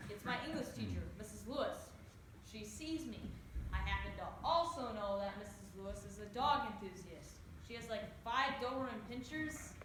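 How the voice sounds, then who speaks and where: A woman's voice: medium pitch, lively intonation, normal speed, natural voice. A young woman acting a brash, scornful teen girl in a stage monologue, recorded on an echoey stage. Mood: sarcastic. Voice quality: sarcastic. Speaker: student actor. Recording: echoey stage, audible hiss.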